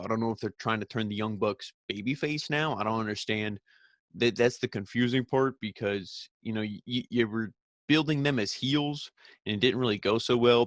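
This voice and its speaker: A man with a lowish voice talks through a wrestling show recap, rambling and opinionated, stopping and restarting his thoughts. The recording is dry and close, with no room sound around him. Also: fairly bright tone, no room sound. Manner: rambling, opinionated, frequent fillers.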